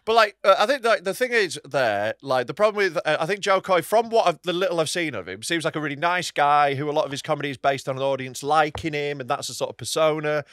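A man co-hosting a comedy podcast, his voice high and bright, swinging all over the place as he talks. He swears freely and keeps slipping into mocking put-on voices. The sound is dry and close. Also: expressive, fast, few pauses, no echo. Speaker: podcast co-host. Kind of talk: casual comedy chat.

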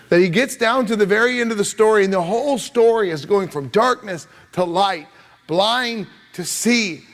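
A man preaching a sermon as pastor, emphatic and repetitive, swinging from loud rises to soft drops. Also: sits high. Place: church sanctuary.

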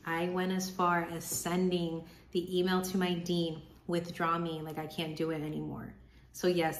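A young woman telling a personal story in a casual vlog, chatty and animated, acting out what she and others said. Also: fairly low pitch, echoey room, slight background noise. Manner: chatty, animated retelling with quoted inner voices. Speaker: vlogger, medical student.

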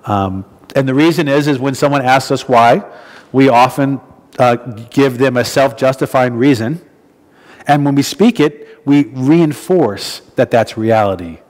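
A man's voice: mid-range voice, a little slow, darkish tone, big-room sound. A man from New Jersey preaching a sermon, telling a story in a conversational way with frequent restarts. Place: church hall.

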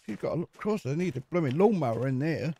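A man's voice: a little high, animated, fast talker, warm tone, husky. A man chatting casually to himself as he plays a video game, joking and muttering along the way. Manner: chatty, jokey, talks to himself while playing. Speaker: gaming video host. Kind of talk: casual let's-play commentary.

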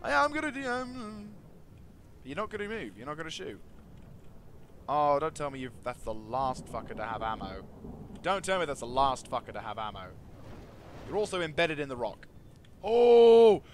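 A man giving casual commentary over a strategy game, talking to his units and swinging from quiet mumbles to excited shouts. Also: fairly high pitch, normal speed, pauses often, a little hiss or hum. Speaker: gaming video host.

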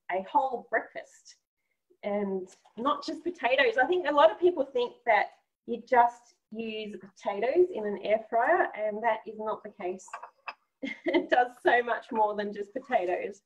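A woman's voice: mid-range voice, a little slow, highs cut off. A woman with an Australian accent, German-born, chatting encouragingly as she walks through a live cooking demo step by step.

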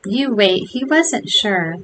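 Joe is a sly storybook schoolboy who talks in a knowing, scheming way, as a woman reads him aloud. He speaks slowly with faint hiss behind. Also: mid-range voice, lively intonation. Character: sly schoolboy plotting a prank.

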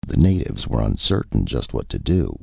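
A man reading a science fiction story aloud as narrator, steady and measured, in a dry, lo-fi recording. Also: very deep voice, vocal fry, slightly rough, no room sound.

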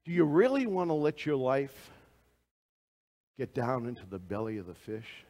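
A man preaching a sermon to a congregation, asking them direct questions and swinging between loud exclamations and hushed asides. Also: medium pitch, big pitch swings, normal speed, big-room sound.

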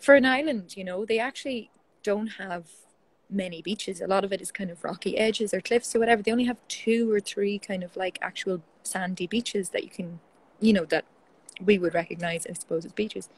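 An Irish woman, a guest in a casual interview, telling stories in a lively, chatty way over a video call. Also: medium pitch, a little fast, low-quality recording. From Ireland.

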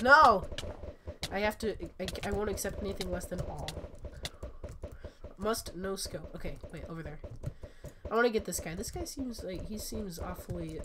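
A woman giving excitable, chatty gameplay commentary while sick, her voice cracking often. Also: mid-range voice, background noise. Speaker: gaming channel host.

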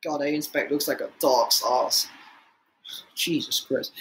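A man giving profane, exasperated reaction commentary, swearing often and jumping in pitch. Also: steady tone, measured pace, fairly bright tone, slight background noise, low-quality recording. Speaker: reaction video host.

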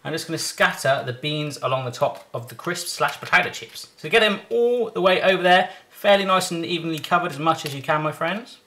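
A man's voice: on the high side, brisk, few pauses, pushed and bright. An English man hosting a casual cooking vlog from a home kitchen, chatty, jokey and upbeat. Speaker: cooking show host.

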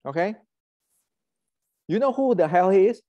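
A man's voice: high-pitched, animated, a little slow, no echo, dull audio. Heated man. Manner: heated, ranting, many restarts and fillers. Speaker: martial arts channel host. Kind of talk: casual lecture.

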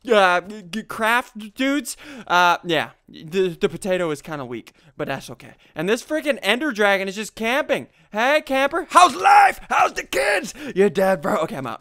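Hyper, high-pitched young man gaming. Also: smooth. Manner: hyper, shouty, giggly, swings between mutters and yells. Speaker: gaming YouTuber. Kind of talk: excited Minecraft commentary.

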